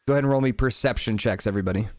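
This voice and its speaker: A man narrating a tabletop game as dungeon master, setting scenes calmly and chatting casually between rolls. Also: medium pitch, rapid-fire. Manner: calm, descriptive scene-setting with casual asides.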